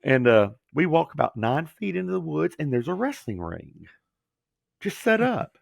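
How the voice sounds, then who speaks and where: A middle-aged man with a deeply gravelly, somewhat husky voice tells his story in an animated way. He slips into the voices of the people he quotes. The sound is dry and close. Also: normal speed, no echo. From Georgia, USA. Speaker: guest, former pro wrestler. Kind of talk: storytelling interview.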